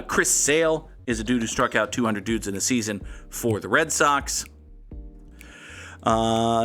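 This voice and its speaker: A man's voice: medium pitch, sharp tone. A man hosting a live game stream in a casual, playful way, joking around and answering his chat. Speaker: streamer and host.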